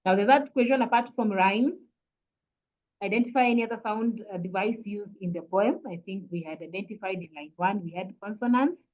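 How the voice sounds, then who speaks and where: A woman with a Kenyan accent teaching an online English revision lesson, patient and repetitive, often saying "kindly" and pausing with "uh". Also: medium pitch, dull audio. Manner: patient, repeats "kindly", frequent "uh" fillers.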